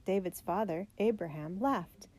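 Woman reading a storybook aloud, mellow. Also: a little slow. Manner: reads characters' lines with raised pitch and emphasis. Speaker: narrator.

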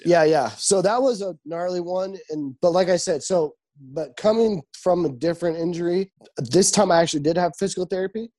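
A man in casual chat, telling animated stories with lots of swearing and acted-out quotes. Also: sits high, fairly quick. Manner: animated storytelling, swears a lot, acts out quotes.

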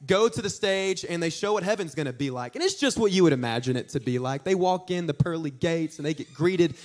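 A young man preaching a sermon, telling stories in an animated, joking way with asides to the congregation. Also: fairly high pitch, fairly quick. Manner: animated, jokey storytelling with audience asides. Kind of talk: storytelling sermon.

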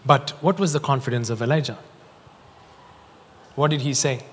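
A man preaching a sermon, telling stories in an animated, joking way. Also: medium pitch, normal speed, breathy edge. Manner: animated storytelling, jokes and laughs. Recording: long hall reverb.

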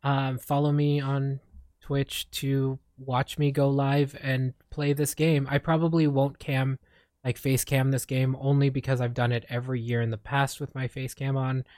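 A man's voice: medium pitch, flat delivery, normal speed, darkish tone, no room sound, clean studio sound. A young man from the Philippines chatting casually as a streamer, rambling with lots of fillers and restarts. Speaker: streamer and podcast co-host. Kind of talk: casual chat.

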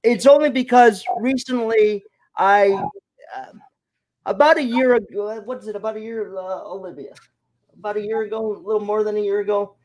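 A man hosting an interview, who speaks haltingly, repeats his words and gets emotional at times. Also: high-pitched, a little mellow. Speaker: interview host. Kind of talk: casual interview chat.

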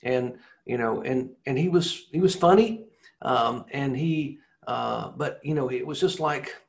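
A man who was a racing broadcaster, telling rambling, animated anecdotes in a casual interview. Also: mid-range voice, unhurried, gravelly.

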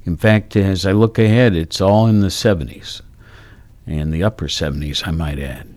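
A man's voice: deep voice, normal speed, darkish tone, dry recording. A man hosting a morning radio talk show, chatting casually with many fillers and self-corrections. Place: radio studio. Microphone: studio microphone.

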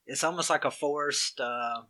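A young man with a thick Alabama Southern accent talks casually in a bright, forward tone. He wanders through his points with fillers and false starts, animated when telling a story. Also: mid-range voice, measured pace. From Walker County area, Alabama. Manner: rambling, many restarts and fillers, animated storytelling. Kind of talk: casual chat.

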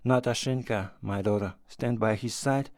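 A man doing a flustered old father, raised and loud, tearful and fussy in his blessings. The voice stays gravelly over a dry, close read. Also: on the low side, moderate pace, no room sound, natural voice. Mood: tearful solemn. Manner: fussy, tearful, then angry.

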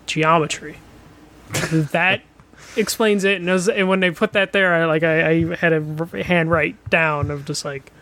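Male gaming podcast co-host, slightly raised pitch, casual and profane, quick to laugh. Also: fairly even intonation, pushed and bright. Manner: laughs often, blunt and profane. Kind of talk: casual chat.

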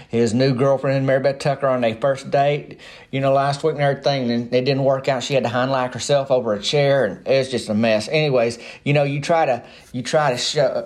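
Man, folksy small-town storyteller, rambling deadpan delivery, mid-pitched voice. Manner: rambling, folksy, drawling, with slangy grammar. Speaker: comic small-town news narrator. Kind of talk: deadpan comic monologue.

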